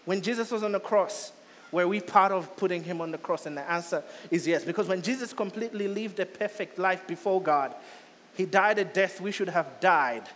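A male pastor delivers a sermon in a notably high voice, hammering home repeated phrases. He swells to loud, urgent peaks and then drops back to a softer, lower delivery. The sound carries a long reverb tail, as in a large hall.

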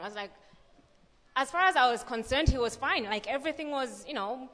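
A woman's voice: high voice, fairly quick. Woman telling a story in a hall. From Malawi. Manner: lively storytelling with many fillers. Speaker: speaker at a church gathering. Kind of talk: scripture reading and personal testimony. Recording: long reverb of a large hall.

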